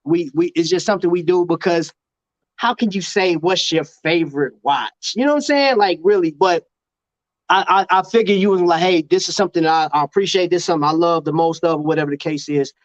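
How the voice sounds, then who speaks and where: A man from Chicago hosts a casual live-stream talk show and tells lively stories that he breaks up with laughter. His voice sits high for a man. The sound is dry, dull and lo-fi. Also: fairly quick, no room sound. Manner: animated storyteller, laughs often. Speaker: host.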